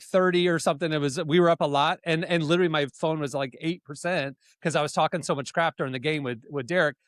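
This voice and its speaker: A man hosting a podcast, chatting casually and running quick game segments. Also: a little high, a bit bright, no room sound, studio quality. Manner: jokey, runs the segments. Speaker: podcast host. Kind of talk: casual chat.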